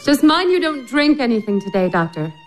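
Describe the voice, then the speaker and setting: A bored, sharp-tongued wife, impatient and weary. Her voice sits fairly high. Faint music plays under her lines. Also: very animated, a little fast. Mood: scolding. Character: bored, irritable married woman, sharp-tongued.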